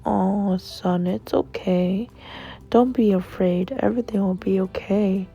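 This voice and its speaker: A woman voicing a gentle father who softly reassures his little son. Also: mid-range voice, steady tone, takes it slowly, breathy edge, lo-fi sound, faint music behind. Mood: soothing. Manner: soothing, reassuring. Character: gentle caring father of a small boy.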